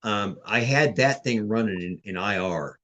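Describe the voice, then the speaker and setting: A man in a middle-pitched voice tells his story in a loose, rambling way, often stumbling over and repeating his words. He talks over a video call as a podcast guest, in a casual chat. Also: unhurried, a bit bright.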